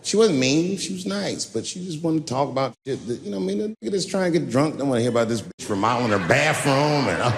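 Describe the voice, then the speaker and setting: Male stand-up comic, lively swooping delivery, shouty, profane, long echo of a big venue. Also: medium pitch, quick pace, hardly any pauses. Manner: profane, animated storytelling, breaks into shouts. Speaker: stand-up comedian. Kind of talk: stand-up set. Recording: large venue with long reverb, faint noise.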